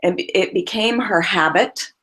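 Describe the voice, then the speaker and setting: A woman's voice: mid-range voice, a little slow, a bit bright. A woman voice coach, a guest on a remote call, telling client stories expressively with frequent laughs.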